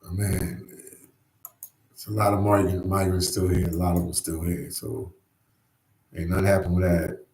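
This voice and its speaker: Casting: laid-back male livestream host, lowish voice, echoey room, chats loosely with viewers. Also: little pitch movement, moderate pace, long pauses, darkish tone, a little hiss or hum. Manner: easygoing, repeats phrases, says "man" often. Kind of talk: casual live chat. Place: New York.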